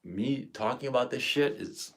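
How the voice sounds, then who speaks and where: A man's voice: mid-range voice, moderate pace, a little hiss or hum. A man in his fifties ranting on a live stream, emotional and profane. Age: 50s. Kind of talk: angry live stream monologue.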